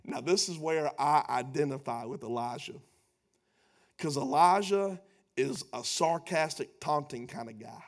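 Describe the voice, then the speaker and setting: A man preaching a sermon, animated and sarcastic, swinging between loud retellings and hushed asides. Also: medium pitch, a little slow.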